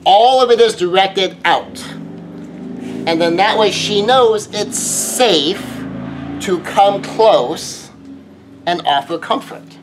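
Against a noisy background, a middle-aged relationship teacher with a high voice talks slowly through advice in a casual monologue. Now and then he performs quoted exchanges.

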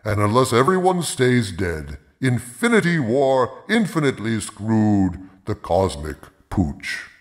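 A man's voice: on the low side, very animated, takes it slowly, few pauses. A man hosting a movie review in a pompous villain persona, speaking grandly of himself in the third person. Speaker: host of a movie review show. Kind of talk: theatrical villain-persona commentary.

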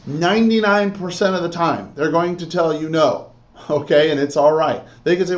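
A man's voice: on the high side, brisk, reverberant, dull audio. A man teaching real estate agents, coaching them through a sales script and often checking in with "okay?" and "all right?". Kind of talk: instructional talk with role-play.

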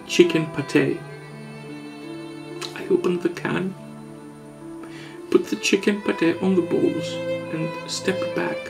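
A man vlogger giving a mock-serious confession, halting and hesitant, earnest and overwrought. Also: high voice, creaky. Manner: halting, hesitant, with long pauses.

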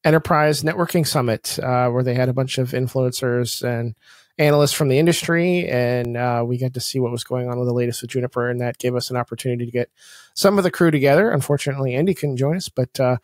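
A man hosting a podcast in casual chat, recapping the year at a steady, friendly pace. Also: medium pitch, fast talker, no echo, clean studio sound. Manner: steady, recap-style storytelling. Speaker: podcast host.

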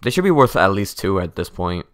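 A man's voice: sits low, very animated, brisk, a bit bright. A young man hosting a casual gaming chat with a friend, laid-back and joking, laughing often. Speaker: channel host, gamer.

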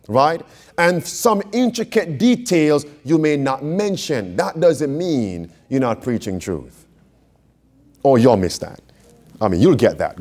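A man's voice: a little high, darkish tone. A man preaching an interactive Bible study, quizzing his audience and repeating key phrases for emphasis. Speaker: preacher teaching a Bible class.

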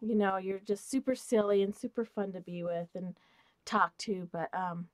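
A woman hosting an off-camera craft haul vlog, gushing with excitement and often dropping to a soft, breathy hush as she looks over each item. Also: medium pitch, moderate pace, dry recording. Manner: gushing, excited, repeats "oh my gosh". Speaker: craft channel host. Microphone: close mic, off camera.

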